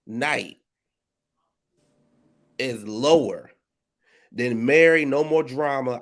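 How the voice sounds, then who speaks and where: Co-host: sassy, joking man with an everyday mid-range voice, quick to curse. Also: mid-range voice, fairly bright tone. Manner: sassy, joking banter with frequent cursing. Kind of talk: casual chat.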